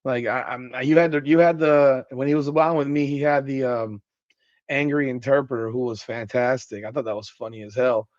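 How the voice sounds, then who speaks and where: A man hosting a podcast late at night, sleepy and yawning, talking in loose, excitable slang and reading out comments. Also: medium pitch, a little fast, no room sound, dull audio. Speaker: podcast host.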